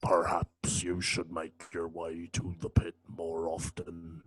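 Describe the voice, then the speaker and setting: A man voicing a big tattooed male pit fighter who speaks in a stately, measured, formal way. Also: low-pitched, completely flat delivery, fairly bright tone, slightly rough, pitched below the performer's own voice, full character voice. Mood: formal, calm.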